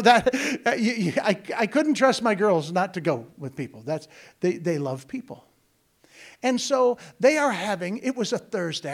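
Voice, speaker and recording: High-pitched guy telling a church story, folksy and jokey, keeps talking to the crowd. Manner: folksy, joking, digressive, addresses the congregation directly. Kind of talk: storytelling sermon.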